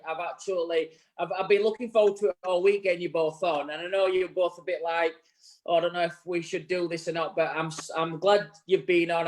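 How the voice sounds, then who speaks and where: High-voiced co-host bantering with old mates. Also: male voice. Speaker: podcast co-host. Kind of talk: casual chat.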